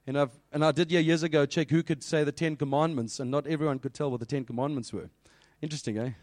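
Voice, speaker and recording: Male pastor, slightly high voice, lively, keeps quizzing the listeners; dry, close sound. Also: fast, dry recording. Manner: lively, questioning the audience, quoting scripture. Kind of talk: children's sermon.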